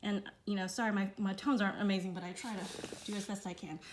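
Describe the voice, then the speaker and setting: A woman reviewing children's learning books for her child, talking in a relaxed way with frequent fillers and demonstrating sounds. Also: medium pitch, quick pace, a little hiss or hum. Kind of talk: casual instructional review.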